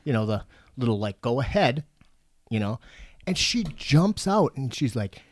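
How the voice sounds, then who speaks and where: A man co-hosting a podcast, telling stories in casual, profane, animated chat. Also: medium pitch, normal speed, no room sound. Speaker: podcast co-host.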